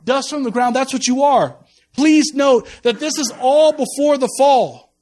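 High-voiced man preaching with humor. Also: measured pace. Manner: animated storytelling with repeated words and stammers; jokey and conversational. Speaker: pastor. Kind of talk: humorous sermon.

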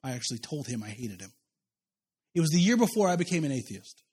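A man's voice: medium pitch, very animated, fast talker, a little mellow, breathy edge. A pastor from Kansas preaching a sermon to his church, mixing humorous personal stories with repeated rhetorical questions. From Kansas, USA. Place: church service.

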